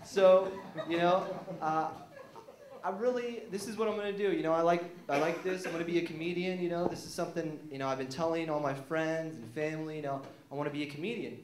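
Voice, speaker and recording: A man's voice: fairly high pitch, steady tone, a little fast, echoey room, crowd noise. A young man doing a rambling, self-deprecating stand-up set on a small theater stage, full of fillers and restarts. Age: young adult. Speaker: stand-up comedian. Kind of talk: stand-up routine.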